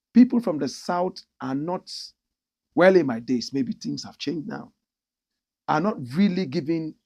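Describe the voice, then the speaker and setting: An impassioned middle-aged man with a Ghanaian accent delivers opinion commentary as a show host. His voice sits a little high and has a gravelly edge. He swings his pitch widely, slipping into mimicry of the people he describes. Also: dark tone.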